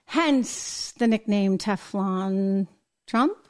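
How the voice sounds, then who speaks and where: A woman from the United States hosting a live political commentary show, talking in an animated way and acting out quotes in mock voices. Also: medium pitch, drawn-out words. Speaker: host.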